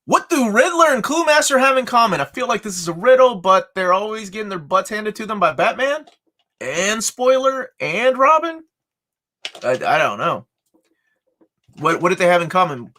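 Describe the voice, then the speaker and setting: A man's voice: sits high, big pitch swings, moderate pace, sharp tone. A man co-hosting a live chat show, joking and reading viewer comments aloud. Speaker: co-host.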